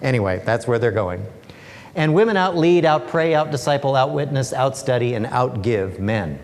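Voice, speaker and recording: A man's voice: medium pitch, animated, normal speed. A man giving a humorous presentation as a guest speaker and author. He talks playfully and keeps asking the audience rhetorical questions. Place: lecture hall. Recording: long hall reverb.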